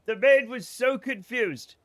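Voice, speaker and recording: A man's voice: very high voice, a little slow, a bit bright, no echo. A man with a faded Boston accent, joking and swearing through casual gameplay commentary on a live stream and laughing often. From Boston area.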